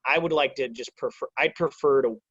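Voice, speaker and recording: Male co-host, mid-pitched. Halting, thoughtful takes. Dull, dry audio. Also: a bit bright, husky, no room sound. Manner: halting, reflective opinions. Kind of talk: casual episode review chat.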